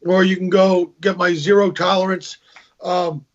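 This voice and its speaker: Male comic guest, higher voice, husky, muffled call audio. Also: level tone, normal speed. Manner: storytelling, acts out joke voices, repeats words. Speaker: guest comedian. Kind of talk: casual video call interview. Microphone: video call. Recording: dull lo-fi video call audio.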